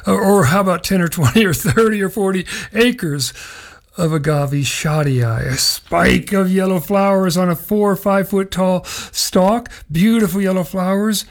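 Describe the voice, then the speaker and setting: A man's voice: high-pitched, normal speed. A middle-aged man hosting a short radio nature segment, talking in a folksy, rambling way with chuckling asides. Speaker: radio show host. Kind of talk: casual spoken nature segment.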